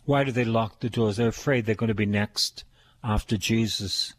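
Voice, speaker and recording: An older man preaching a sermon, slow and emphatic, repeating his phrases. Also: lowish voice, steady tone, no echo.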